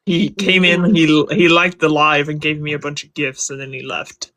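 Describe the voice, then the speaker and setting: A man's voice: on the high side, normal speed, pushed and bright, slight background noise. A man hosting a live stream, joking crudely and laughing with friends on a call. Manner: brash, crude, laughing banter. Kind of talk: casual group chat on a live stream.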